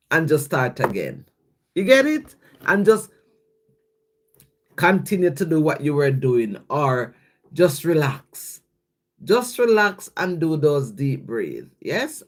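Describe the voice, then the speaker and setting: A livestream host speaking in a casual devotional chat, reading scripture and viewer comments aloud and often checking in with "yes?". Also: mid-range voice. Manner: slow, repeats "yes?" after each thought, thanks viewers by name.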